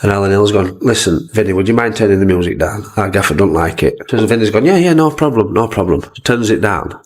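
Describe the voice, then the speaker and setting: A man's voice: on the low side, lively intonation, fast talker. A man with an English accent telling football stories in a casual way, laughing often and swearing as he mimics his old manager. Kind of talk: casual storytelling.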